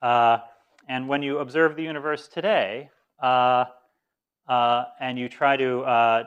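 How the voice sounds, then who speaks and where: A man lecturing on physics in a smooth, resonant voice at a middle pitch. He talks conversationally, restarting sentences and correcting himself as he goes, with a dry, self-deprecating humor. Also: muffled recording. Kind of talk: live lecture.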